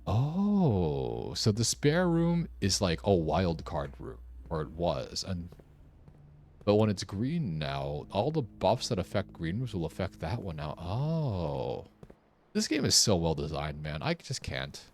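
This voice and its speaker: A man's voice: deep voice, big pitch swings, slow pace, darkish tone. A young man streaming a puzzle game, thinking aloud as he works through its clues. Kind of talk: casual gameplay commentary.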